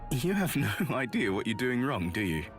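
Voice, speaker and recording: A woman voicing a calm, gently teasing young male duke with a faint English accent and a husky tone. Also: a bass voice, moderate pace, faint music behind, voice pushed down.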